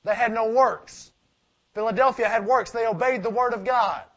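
A high-pitched male preacher delivering a sermon. He leans hard on his main points, then drops to soft, near-mumbled asides, and fires off rhetorical questions only to answer them himself. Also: normal speed. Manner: swings from loud emphatic preaching to quiet asides.

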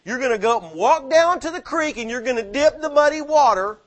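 A man preaching a sermon, swinging from low, quiet asides to fervent exhortation full of rhetorical questions. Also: expressive, a little fast.

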